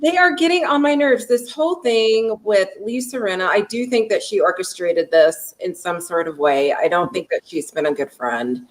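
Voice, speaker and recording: A woman calling in to a live show and giving her frank opinion, pausing with ums. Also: medium pitch, low-quality recording. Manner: frank, slightly hesitant with ums. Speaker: caller. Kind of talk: call-in opinion.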